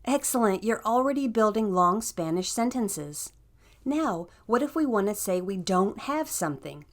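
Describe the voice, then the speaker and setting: A woman's voice: mid-range voice, lively intonation, normal speed. A woman narrating a scripted language lesson in an upbeat, encouraging way. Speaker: language teacher.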